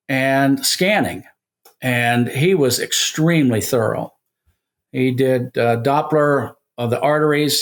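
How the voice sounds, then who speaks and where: A man in his seventies, a guest in an interview, telling a story in a casual way and acting out the dialogue he quotes. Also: mid-range voice. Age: 70s.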